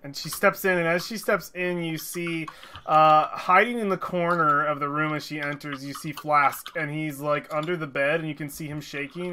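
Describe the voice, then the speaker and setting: Dungeon master, man, bright voice, laughs through his narration. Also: on the high side, fairly even intonation, moderate pace, a little hiss or hum. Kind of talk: narrating a tabletop game.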